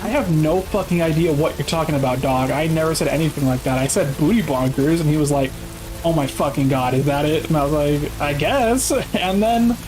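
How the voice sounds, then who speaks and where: A man's voice: a little high, low-quality recording. A man telling a long, profane workplace story in casual chat with friends. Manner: profane storytelling, quick bursts. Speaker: streamer.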